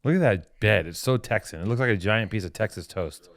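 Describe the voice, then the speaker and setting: A man co-hosting a casual podcast, swearing freely, laughing often, and getting excited between ad reads. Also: on the low side, fairly quick, dry recording. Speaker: podcast co-host. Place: hotel room.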